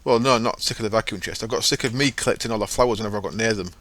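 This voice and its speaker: Talking very fast in a lowish, fairly bright voice, a man provides loose, chatty commentary over his gameplay for his gaming channel, often stopping to correct himself.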